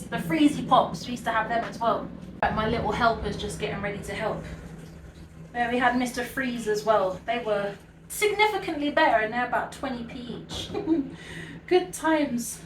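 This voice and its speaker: A British woman in her thirties chats away while she cooks, her voice sitting a little high and drifting easily from one memory to the next. She laughs freely and keeps things loose. The mic is set back in an echoey kitchen with a faint hum of room noise. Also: distant mic. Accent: British English. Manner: relaxed, rambling, laughs often. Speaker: cooking show host. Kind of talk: chatty reminiscing while cooking. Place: home kitchen.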